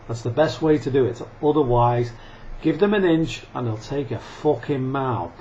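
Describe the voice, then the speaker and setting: A man's voice: medium pitch, animated, unhurried, warm tone. A man ranting angrily into the camera, swearing often, laughing and coughing between rants. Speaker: vlogger. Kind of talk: profane ranting monologue. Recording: dull lo-fi sound with faint noise.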